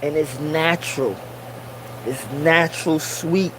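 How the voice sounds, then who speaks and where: Man, high pitch, slow unhurried delivery, preachy Rasta-slang monologue that repeats its points, faint hum behind. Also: steady tone. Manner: Rasta slang and Caribbean English grammar. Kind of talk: casual monologue.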